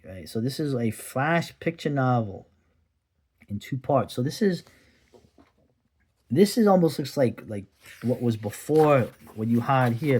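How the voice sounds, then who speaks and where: A man's voice: mid-range voice, a little mellow, slightly rough. A man giving a casual, rambling review of an old comic, with digressions and sardonic asides.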